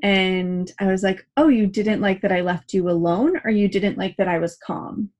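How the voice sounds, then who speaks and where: Hosting a parenting podcast, a young adult woman speaks at a normal speed in a slightly mellow, mid-range voice with fairly even intonation. She gives casual advice, chats freely, acts out quoted lines, and leans heavily on "like."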